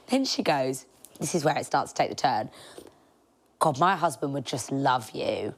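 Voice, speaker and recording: A woman's voice: rumbling low, expressive, unhurried. A woman, telling cheeky stories as a podcast host, chatty and laughing often. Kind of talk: casual storytelling monologue.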